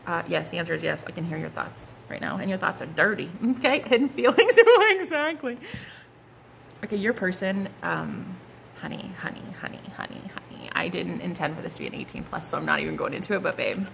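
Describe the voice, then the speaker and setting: A woman's voice: lowish voice, expressive, fast talker, creaky, few pauses, fairly bright tone, slight background noise. A woman giving a casual, gushing tarot reading, full of slang and asides. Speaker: tarot card reader.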